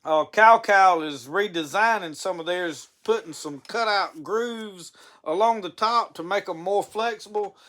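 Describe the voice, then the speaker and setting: Man, stream host, fairly high pitch, rambling folksy chat with frequent restarts. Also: measured pace, fairly bright tone. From Mississippi. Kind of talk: casual live-stream chat.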